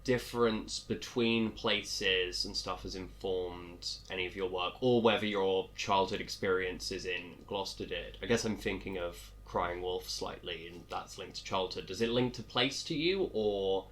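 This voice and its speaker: Man, podcast host, somewhat low voice, relaxed, reflective, conversational. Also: unhurried, few pauses. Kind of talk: casual interview chat.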